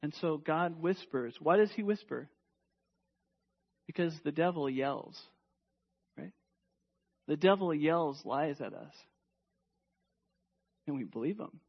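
A man preaching a sermon emphatically, asking rhetorical questions and dropping to a hush at times. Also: on the high side, expressive, slow, pauses often, slightly rough, lo-fi sound. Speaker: pastor.

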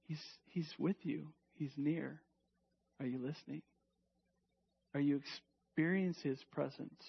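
Gravelly, slow-preaching man. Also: a little high, steady tone, highs cut off. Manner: emphatic preaching with rhetorical questions, drops to a hush. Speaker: pastor. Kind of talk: sermon.

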